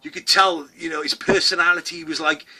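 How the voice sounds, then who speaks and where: Guy ranting on his vlog, loud and sweary, super bright sharp voice. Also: on the high side, steady tone, brisk. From Wales. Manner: loud, sweary, rambling, with constant "okay?" asides. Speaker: vlog host. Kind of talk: satirical comedy rant.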